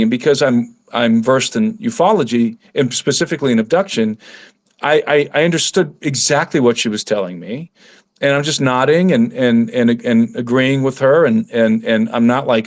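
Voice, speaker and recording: A man speaking as a guest researcher, telling a story in an earnest, halting way with many restarts. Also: mid-range voice, lively intonation. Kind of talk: casual storytelling.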